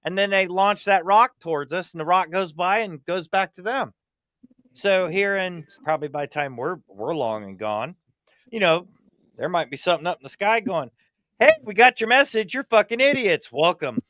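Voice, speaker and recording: A man's voice: high-pitched, normal speed, fairly bright tone, no room sound. A man chatting casually as a stream host, rambling and swearing freely. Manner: rambling, profane, puts on goofy alien voices mid-story. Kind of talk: casual chat.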